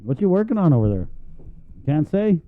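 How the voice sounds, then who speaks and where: A man's voice: on the high side, big pitch swings, brisk. Radio host guy joking around, laughs a lot, sounds like it's coming through a phone line. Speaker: radio talk show host. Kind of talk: casual radio chat.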